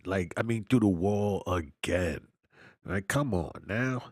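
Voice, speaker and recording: A man's voice: deep voice, slow pace, no echo, studio quality. A man casually reviewing a movie, with a loose, slangy way of talking, repeating himself and often laughing. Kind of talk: casual chat.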